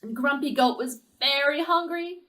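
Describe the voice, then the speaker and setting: A woman storyteller telling a folktale to children in a rhythmic, repetitive, expressive way. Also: high-pitched, normal speed, reverberant, distant mic, poor audio.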